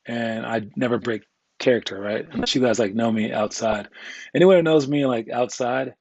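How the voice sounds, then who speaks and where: A man's voice: mid-range voice, moderate pace, darkish tone, dry recording, dull audio. A man coaching youth basketball players in a casual, candid way, joking and rambling, with slang thrown in. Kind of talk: casual instructional talk.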